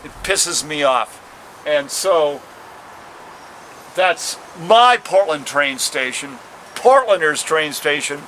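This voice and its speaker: An older man, a street poet outdoors at a city train station, rambling and swearing in an impassioned rant and reciting verse slowly and dramatically. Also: a little high, sharp tone, slight background noise. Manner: profane, rambling, impassioned ranting.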